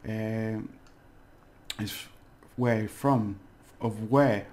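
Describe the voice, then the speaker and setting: A man's voice: on the low side, steady tone, extremely slow, a little mellow. A man teaching a casual video lesson, rambling and hesitant, with fillers and small jokes. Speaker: language teacher.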